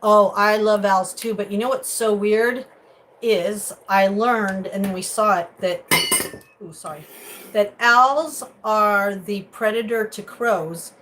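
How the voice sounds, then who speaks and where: A woman vlogger chatting casually with viewers from her kitchen, rambling and animated, breaking into high excited squeals. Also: slow, a little hiss or hum, low-quality recording. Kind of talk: casual live chat. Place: home kitchen.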